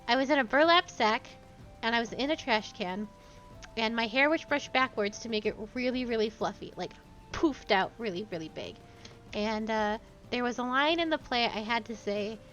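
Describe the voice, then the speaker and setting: A woman's voice: on the high side, lively intonation, moderate pace, fairly bright tone, lo-fi sound, faint music behind. A woman streamer chatting casually and laughing easily as she tells rambling stories while playing. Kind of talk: casual game-stream chat.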